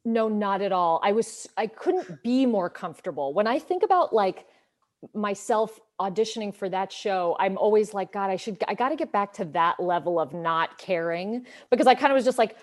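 A woman's voice: medium pitch, normal speed. Chatty thirtysomething actress in an interview, laid back, jumps into voices when she quotes people. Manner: chatty, self-deprecating, acts out quotes with lively voice shifts. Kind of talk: casual interview chat.

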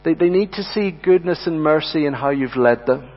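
A man preaching a sermon, earnest and emphatic, addressing the congregation as friends and slowing down to repeat key words. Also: a little high. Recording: dull sound with long hall reverb and mains hum.

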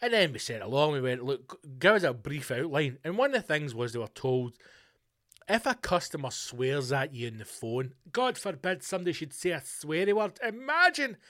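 A man's voice: on the high side, fairly quick. Sweary Scottish man ranting. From Scotland. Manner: sweary, animated, mocking put-on voices for quoted people. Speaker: podcast host. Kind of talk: casual ranting monologue.

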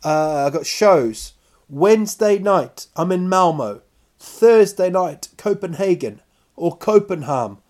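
A male comedian telling a story in a self-mocking, animated way, acting out sounds and little voices as he goes. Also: sits high, slow pace. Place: lives in Stockholm.

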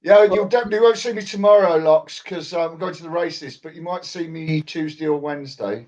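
A man's voice: a little high, fairly quick, darkish tone. A man guesting on a football fan stream, in casual chat with dry jokes. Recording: dull line with faint noise.

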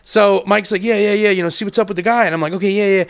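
A man's voice: high voice, fairly even intonation, very fast, smooth. A young man on a podcast, telling a long story casually, swearing and acting out both sides of each conversation. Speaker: podcast co-host.

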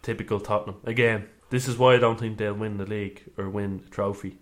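Low-voiced man, measured football talk. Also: steady tone. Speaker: podcast co-host. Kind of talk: casual football chat.

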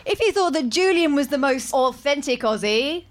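A woman rallies a live audience in an upbeat, rousing way. Her voice is high and bright above loud noise from the venue. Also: expressive, normal speed. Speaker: show co-presenter polling the audience. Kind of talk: live crowd hosting.

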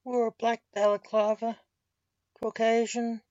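A woman reading the lines of a male necromancer in a storybook in her plain voice, slow and dry. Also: a little high, little pitch movement, a little mellow, no room sound, lo-fi sound, close to an everyday voice. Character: male necromancer, a newspaper reporter.

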